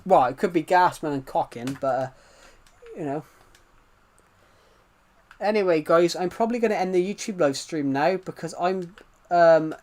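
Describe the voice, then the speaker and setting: A man's voice: a little high, darkish tone. A young man chatting casually on a late-night game live stream, rambling and restarting his sentences. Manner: rambling, restarts, chuckling asides.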